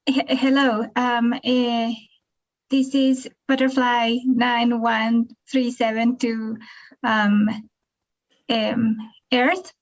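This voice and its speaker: Stammering curious alien controller, played by a woman, high voice, slow halting talk, dull sound. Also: little pitch movement. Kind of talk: live improv scene.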